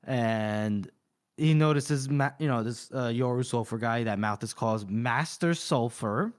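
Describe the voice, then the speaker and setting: A man's voice: medium pitch, a little slow, smooth. A man co-hosting a podcast, casually retelling a story and acting out the quoted lines. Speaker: podcast co-host recapping a novel. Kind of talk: casual chat.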